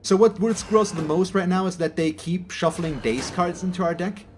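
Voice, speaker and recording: Over music, a German gaming channel host, a native German speaker, talks in a high-pitched voice at a moderate pace. His English gameplay commentary is chatty and rambling, full of mid-sentence self-corrections.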